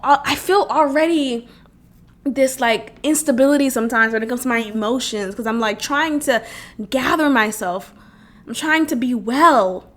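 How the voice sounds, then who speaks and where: A young woman talks through a personal story on her own podcast, her voice sitting a little high. She jumps into quoted voices and swears freely, keeping it loose and animated. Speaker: podcast host. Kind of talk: casual solo podcast talk.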